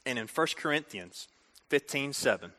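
A man preaching a storytelling sermon, talking directly to the audience in an animated way. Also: mid-range voice, normal speed. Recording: reverberant hall.

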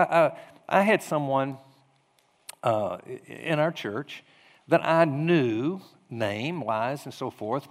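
Animated storytelling pastor in an echoey hall. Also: male voice, medium pitch. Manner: storytelling with animated acted-out quotes. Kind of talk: conversational sermon teaching.

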